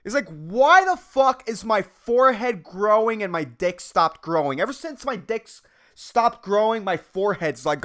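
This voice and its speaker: A man's voice: high voice, very animated, a little slow, fairly bright tone. Rambling, profane man in his thirties. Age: 30s. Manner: rambling, profane, says "dude" and "man" constantly; jumps between topics, self-mocking. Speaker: podcast host. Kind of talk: solo casual rant.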